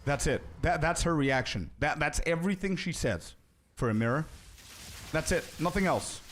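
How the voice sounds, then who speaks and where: A man's voice: a little high, normal speed, fairly bright tone, slight background noise. A young man streaming a game, chatting casually with viewers and answering their questions. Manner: chatty, answers chat, says "bro" often. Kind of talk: casual live-stream chat.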